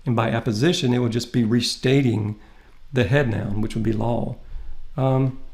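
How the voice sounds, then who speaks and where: A man teaching Greek in a recorded lecture. He walks through each form step by step in a methodical, patient way with pauses. His voice sits at an ordinary middle pitch. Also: steady tone, darkish tone.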